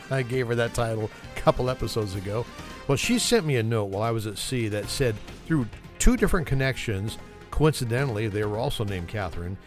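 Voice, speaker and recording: A man hosting his own podcast in a casual, joking solo chat, laughing at himself as he goes. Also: medium pitch. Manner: joking, self-mocking, chuckles often. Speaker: podcast host.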